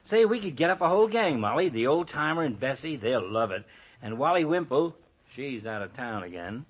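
An actor playing a jovial, jokey doctor friend in 1940s radio comedy. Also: male voice, mid-range voice, big pitch swings, fairly quick, breathy edge. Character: jovial, pun-loving family doctor friend. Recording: dull vintage radio sound.

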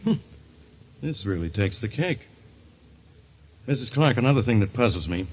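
An actor playing a blunt, wisecracking police inspector with a husky voice and gruff, folksy slang, 1940s radio acting style. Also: male voice, on the low side, sing-song, normal speed, a little mellow, a little hiss or hum. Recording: dull lo-fi old radio recording.

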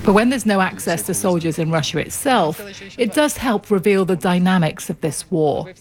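A woman correspondent narrating a scripted news report in a calm, measured way. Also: fairly low pitch. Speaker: foreign correspondent.

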